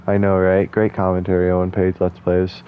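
A man's voice: low-pitched, completely flat delivery, a little fast, smooth, narrow, tinny audio. A man hosting a let's play who gives casual, chatty gameplay commentary, mocks himself and swears. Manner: chatty, self-mocking, swears.

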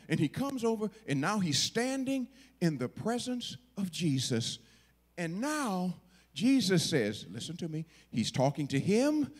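A middle-aged man, serving as guest preacher, delivers a sermon through dramatic storytelling in a high-pitched, sing-song voice that runs a little slow. He acts out the voices of the figures in his story and suddenly drops to a whisper.

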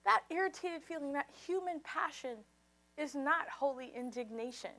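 High, bright-voiced woman pastor preaching. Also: expressive, moderate pace. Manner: impassioned preaching, leads congregation in call and response; swings from soft and low to loud, high exclamations. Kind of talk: sermon.

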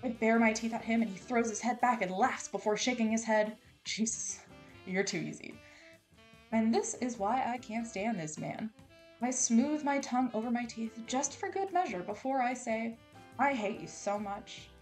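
A woman's voice: on the high side, moderate pace, darkish tone, faint music behind. A woman reading a romance novel aloud in a dramatic, casual style with playful, sarcastic asides. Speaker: audiobook reader.

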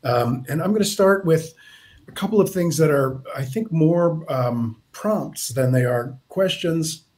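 A man's voice: a little high, lively intonation, a little slow, darkish tone. A man moderating a live online author session, speaking informally with frequent restarts as he introduces himself and asks questions.

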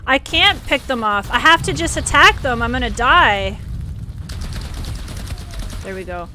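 A young woman streamer commentates her gameplay in a bright, lively voice that swoops up and down. She talks unhurriedly, chatting with her viewers and laughing easily. A faint hiss sits under the audio. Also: fairly high pitch. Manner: excitable, chatty, quick to laugh, talks to chat.

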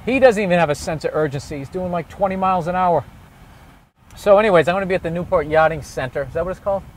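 A man comedian ranting from a car, high voice. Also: quick pace, a little hiss or hum. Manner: profane, sarcastic, ranting. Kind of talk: casual rant while driving. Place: car in city traffic.

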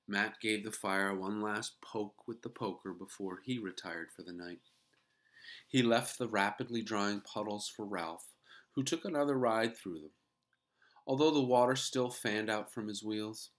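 A woman reading a children's chapter book aloud in an expressive storytelling manner. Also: a bass voice.

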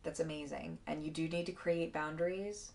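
Low gravelly woman giving a tarot reading. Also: steady tone, normal speed, darkish tone. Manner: emotional, effusive, swears casually. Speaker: tarot card reader. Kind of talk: casual spiritual card reading.

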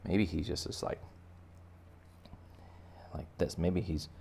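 A man's voice: deep voice, steady tone, slow pace, gravelly, warm tone, a little hiss or hum. A man giving a playful, chatty step-by-step drawing lesson for kids. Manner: playful, chatty, talks to children directly. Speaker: art teacher.

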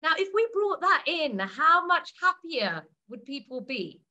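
A woman's voice: high voice, big pitch swings, a little slow, pushed and bright, lo-fi sound. A woman speaking as a co-author at a book launch, explaining ideas step by step in a storytelling way.

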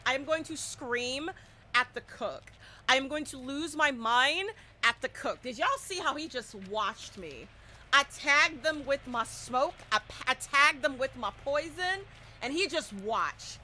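Young woman, game streamer, live commentary, high bright voice, shouty repeated cheers, trash talk. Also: big pitch swings, normal speed, a little hiss or hum.

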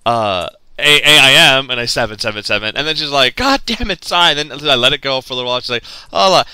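A man's voice: mid-range voice, fairly even intonation, quick pace, pushed and bright, clear, resonant tone, no room sound. A young man co-hosting a casual group chat, joking and telling stories animatedly. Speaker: podcast co-host.

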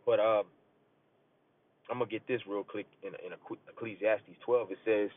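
Speaking in a lowish voice with fairly even intonation and a moderate pace, this street preacher gives a loose, conversational sermon. He reads scripture and urges his listeners, frequently tagging lines with "man," his earnest tone climbing when he pushes a point. The recording is tinny, phone-like and dry.

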